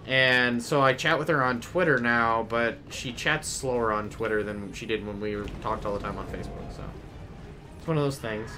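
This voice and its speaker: A man's voice: mid-range voice, normal speed, background noise. A man streaming a video game, chatting casually and rambling off-topic, often trailing off mid-sentence. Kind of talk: casual gameplay commentary.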